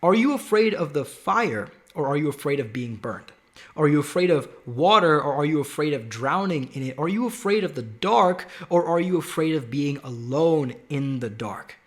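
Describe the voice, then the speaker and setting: A man's voice: on the high side, lively intonation, moderate pace. A man hosting a Christian video show, talking animatedly and posing rhetorical questions to the viewers. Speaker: host. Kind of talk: faith video show monologue.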